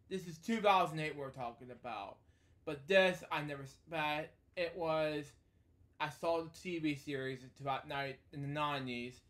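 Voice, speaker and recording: A man's voice: medium pitch, fairly bright tone. A man hosting a casual bedtime storybook read-aloud, rambling off into asides and filling gaps with "anyway" and "so there you go". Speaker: storybook reader and host.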